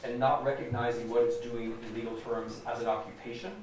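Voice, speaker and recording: A man's voice: mid-range voice, little pitch movement, brisk, noisy background. A man with an American accent giving a public lecture, emphatic and repeating key phrases for stress. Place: large lecture hall. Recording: echoey hall recorded from a distance.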